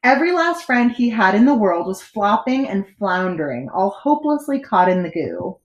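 A woman reading a children's picture book aloud as a storyteller, expressive with dramatic pauses. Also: mid-range voice, muffled recording. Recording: echoey room.

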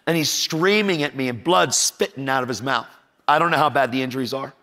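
A man's voice: mid-range voice, a little fast. A middle-aged man preaching a storytelling sermon, full of energy, acting out the voices in his stories and joking with the audience. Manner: energetic, acts out quoted voices, jokes with the audience.

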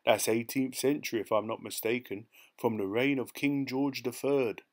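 A man's voice: mid-range voice, steady tone, moderate pace, natural voice. A man voicing a boastful, cheeky male London pickpocket in an audiobook. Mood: proud. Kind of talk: audiobook character voice.

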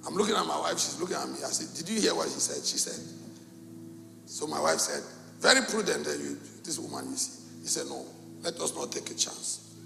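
A middle-aged pastor from Cameroon, preaching a sermon and telling a story with animated, acted-out dialogue in a gravelly voice. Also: male voice, on the high side, brisk, music in the background. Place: church hall. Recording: echoey church hall.

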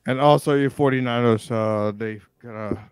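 A man's voice: medium pitch, normal speed, smooth, no echo. A man hosting a call-in stream, drunk and crude, egging his callers on. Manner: loud, crude, drunken banter. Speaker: show host. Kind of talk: rowdy live call-in stream.

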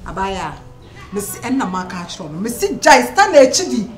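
A woman's voice: mid-range voice, very animated, moderate pace, natural voice. An actress with a Ghanaian accent playing a possessive young woman who threatens a rival in a film drama. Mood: threatening.

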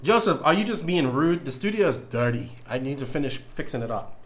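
A man's voice: on the high side, very animated, fairly quick. Guy on a livestream, kinda nervous, jokey, voice jumps all over the place. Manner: nervous, joking, stalling, reading labels aloud. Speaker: podcast host doing a livestream. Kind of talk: casual livestream chat. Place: home studio.

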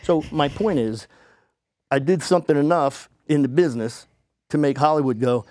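A man, a podcast guest, telling a story casually and acting out the people he quotes in a higher voice. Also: moderate pace, darkish tone, dry recording, clean studio sound. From United States.

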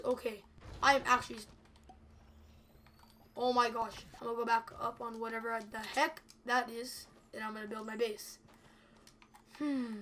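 Bright-voiced young woman narrating her gameplay. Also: a little high, flat delivery, normal speed, pauses often, slight background noise. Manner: anxious, chatty, addresses viewers as guys. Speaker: gameplay video creator. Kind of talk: live gameplay commentary.

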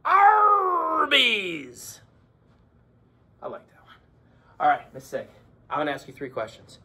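A male teacher running a playful lesson for children, cracking pirate jokes and slipping into a gruff pirate voice. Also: mid-range voice, steady tone, fairly quick, a bit bright. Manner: hammy, joking, slips into a gruff pirate voice.

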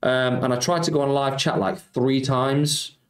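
A man hosts a casual slots live stream, chatting with viewers, reading their messages aloud, answering them, and saying "mate" a lot. His mid-range voice is a little slow with fairly even intonation, over roomy echo and background music.

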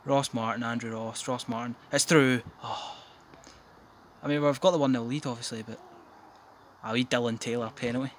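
A young man giving excitable, sweary, jokey commentary on his football game from his back garden, breaking into yells. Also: medium pitch, normal speed, slight background noise. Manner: sweary, jokey, bursts into yelling. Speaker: gaming commentator.

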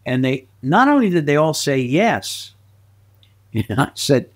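A man's voice: a little high, measured pace. A man telling anecdotes as a guest in a casual interview, laughing often and slipping into voices. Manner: lively anecdotal storyteller who slips into voices and laughs often. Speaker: guest actor and filmmaker.

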